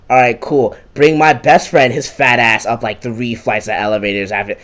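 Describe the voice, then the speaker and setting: A man's voice: mid-range voice, fairly even intonation, normal speed, few pauses, a bit bright. A young man giving a casual, profane and sarcastic rant recapping a video game.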